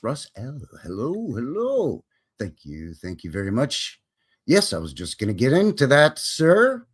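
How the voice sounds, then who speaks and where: A man hosting a casual livestream, jokey and upbeat as he greets viewers by name. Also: mid-range voice. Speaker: host.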